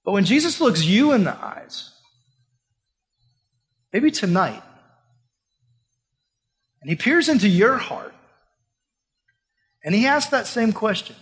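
A man's voice: high voice, sing-song, slow, pauses often, fairly bright tone. A young adult man giving a casual, conversational sermon full of rhetorical questions. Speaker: pastor. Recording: long hall reverb.

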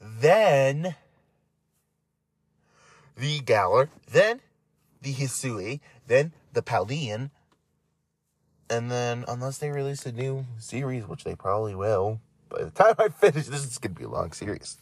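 A man's voice: medium pitch, expressive, normal speed, breathy edge, no echo. Man casually reading, stumbling often. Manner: reads aloud with frequent stumbles, restarts and chatty asides. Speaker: podcast host. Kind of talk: casual podcast reading of game entries.

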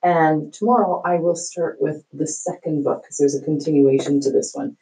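A woman's voice: sits low, steady tone, normal speed, dark tone, poor audio. A woman reading a children's book aloud, stopping to explain hard words with small fillers. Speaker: reader.

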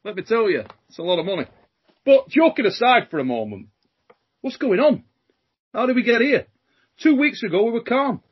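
A man hosting a podcast, joking and chatting in slangy, energetic banter. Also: extremely high pitch, moderate pace, pauses often, husky, lo-fi sound. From Britain. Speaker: podcast host.

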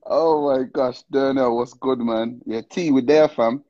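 A man's voice: mid-range voice, fairly even intonation, unhurried, dark tone, no room sound. Man hosting a live phone stream, slangy and chatty; dry, dull lo-fi sound. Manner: slangy, greets viewers one after another, laughs often. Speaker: livestream host. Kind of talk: casual live-stream chat.

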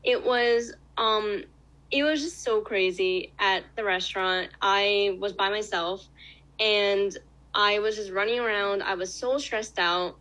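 A woman's voice: medium pitch, steady tone, a little slow, a bit bright, poor audio. A young adult woman, a former restaurant hostess, telling a story in casual chat and laughing through her words.

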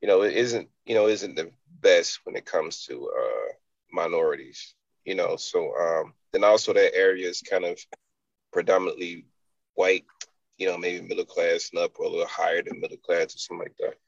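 A man's voice: deep voice, moderate pace, creaky, dry recording, lo-fi sound. A man, a fitness entrepreneur, telling a long personal story in an interview, loose and rambling with many fillers.

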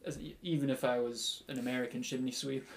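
A man's voice: mid-range voice, fairly even intonation, fast, creaky. A man co-hosting a casual podcast, joking and laughing through a loose back-and-forth chat. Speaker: podcast co-host. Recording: roomy echo.

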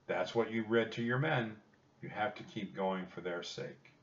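A man's voice: fairly low pitch, a little slow, close to an everyday voice. A man voicing an earnest, brave young boy, speaking raised and earnest, heard as a dull, distant recording.

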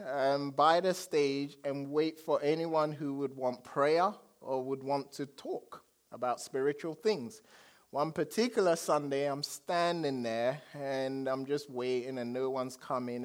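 A pastor with a fairly high-pitched voice preaches a sermon through stories. He swings dramatically between loud declarations and hushed asides.

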